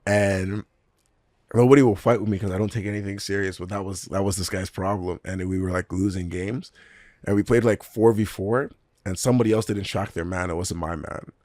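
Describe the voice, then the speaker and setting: A young man with a very low voice recounts stories in a loose, laughing way, full of street slang. The sound is dry and close, with no room around it. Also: a little fast, no room sound. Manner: animated, laughing, slang-heavy storyteller. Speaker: professional footballer guest. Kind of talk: casual storytelling interview.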